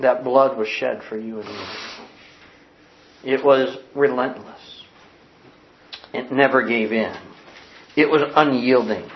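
A man preaching a sermon with passion, dropping to a hush and then soaring and crying out. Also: medium pitch, takes it slowly, long pauses, dull audio, a little hiss or hum. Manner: impassioned, swinging from hushed to soaring.

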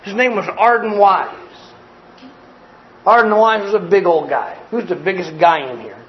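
A man preaching a sermon, telling a story in an animated, folksy way and acting out the scenes for a live congregation. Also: sits high, moderate pace, dull audio. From grew up poor in a small family.

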